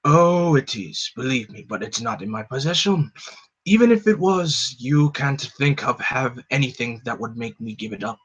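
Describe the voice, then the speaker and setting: A man's voice: mid-range voice, animated, normal speed, a bit bright, breathy edge, lo-fi sound. A man voicing a menacing, power-hungry male villain in a comic book live read, with an emphatic, sneering delivery. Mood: gloating.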